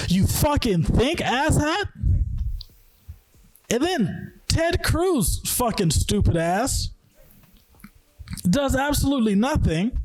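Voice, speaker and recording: A man's voice: extremely high pitch, very animated, unhurried, long pauses, a little mellow. Heated, profane man ranting. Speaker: podcast host. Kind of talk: angry news rant.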